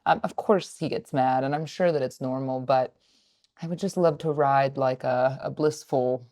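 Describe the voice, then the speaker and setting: A woman in her thirties co-hosting a casual podcast, chatty and expressive, often mimicking voices in her stories. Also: rumbling low, normal speed. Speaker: podcast co-host. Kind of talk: casual chat.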